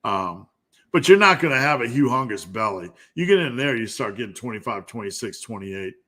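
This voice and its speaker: A man's voice: medium pitch, big pitch swings, brisk, bright, forceful tone. A man who coaches lifting, answering viewer questions on a live stream in a loose, joking way and thinking aloud as he goes. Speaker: strength coach and host.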